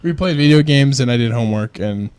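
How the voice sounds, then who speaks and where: A man's voice: mid-range voice, lively intonation, brisk, a little mellow, clear, resonant tone, dry recording. Young male podcast host, casual and self-deprecating, laughs a lot, dry close sound. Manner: laughs often, rambling and self-mocking. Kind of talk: casual chat.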